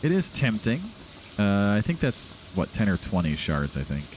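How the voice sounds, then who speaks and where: Relaxed man hosting a game playthrough, low, lively voice, chatty and rambling. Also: moderate pace, a little hiss or hum. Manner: chatty, rambling, laughs often. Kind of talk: casual gameplay commentary.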